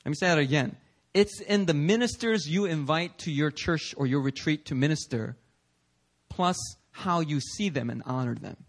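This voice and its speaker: High-voiced man preaching casually. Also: moderate pace, creaky. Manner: animated, peppers talk with "okay?" and "right?"; acts out listeners' voices in quotes. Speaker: pastor. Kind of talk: conversational sermon. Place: church sanctuary.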